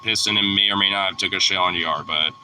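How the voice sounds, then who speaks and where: A man's voice: sits low, steady tone, quick pace, pushed and bright, a little hiss or hum, poor audio. A young man vlogging, telling a rambling, profane story in casual chat, full of filler words.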